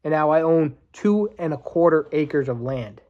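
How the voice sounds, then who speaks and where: A man's voice: a little high, animated, muffled recording. A man in his twenties hosting a podcast, ranting with heavy swearing and stopping now and then to think. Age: 20s. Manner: profane, fired-up ranting with pauses to think. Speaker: podcast host.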